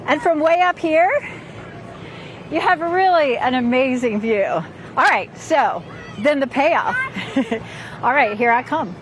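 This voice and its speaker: A woman's voice: high voice, expressive, a little slow, some chatter behind, a little hiss or hum. A woman meteorologist giving a chatty, upbeat live report from an outdoor park, a little out of breath. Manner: upbeat, chatty, laughing between lines.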